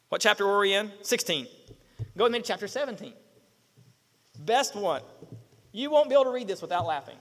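A middle-aged male pastor preaching a sermon, animated, acting out quotes and firing rhetorical questions at the congregation. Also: high-pitched, a little fast, pauses often, big-room sound.

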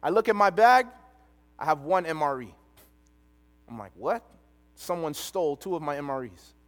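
A man preaching a sermon, telling a personal story with animated delivery and quoted dialogue. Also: a little high, moderate pace. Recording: long reverb of a large hall.

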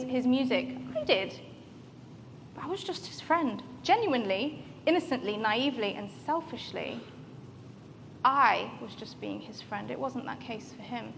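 A woman's voice: a little high, a bit bright. Candid northern English woman in a reverberant hall. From northern England. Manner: candid storytelling, drops to whispers. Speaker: co-host. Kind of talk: personal testimony talk. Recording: reverberant hall, faint background noise.

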